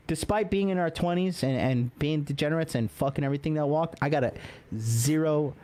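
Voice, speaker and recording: A young man hosts a live-streamed dating podcast, talking in a loose, brash and joking way with lots of swearing. His voice sits a little high for a man. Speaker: podcast host. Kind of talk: casual live-stream chat.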